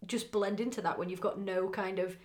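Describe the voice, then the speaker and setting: A woman's voice: mid-range voice, fairly even intonation, brisk, a little mellow. A woman from England co-hosting a podcast in casual chat, rambling with plenty of fillers. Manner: chatty, rambling, lots of "like" fillers. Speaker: podcast co-host.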